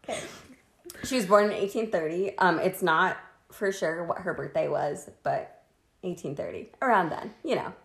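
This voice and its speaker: A woman's voice: lowish voice, moderate pace, vocal fry, echoey room. A woman co-hosting a casual podcast chat, telling a history story in a crude, joking way and laughing often, a bit tipsy from wine. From Washington state, US.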